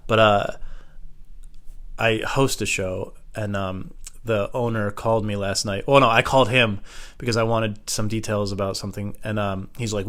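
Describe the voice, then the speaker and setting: A man's voice: fairly low pitch, fairly even intonation, a little fast, a bit bright. A man hosting a comedy show, telling a casual, rambling and self-deprecating comic monologue.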